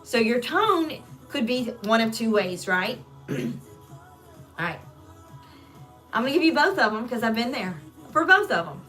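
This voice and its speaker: A woman's voice: on the high side, sing-song, a little slow, pauses often, sharp tone, faint music behind. A woman speaking as a spiritual life coach in an earnest live talk, acting out everyday exchanges between partners as examples. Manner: earnest, acts out everyday dialogue.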